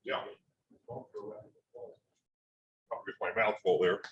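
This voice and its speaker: A low-voiced man gives a committee announcement in a plain, matter-of-fact manner. The sound is dull and roomy, picked up from across the room with faint background noise. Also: fairly even intonation, slow, recorded from a distance. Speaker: committee member. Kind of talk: meeting announcement. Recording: dull echoey room, from afar.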